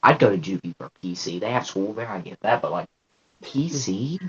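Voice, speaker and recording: A man in a casual podcast chat, talking in a laid-back way and making joking, deadpan asides. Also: lowish voice, brisk. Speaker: podcast co-host. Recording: muffled lo-fi audio.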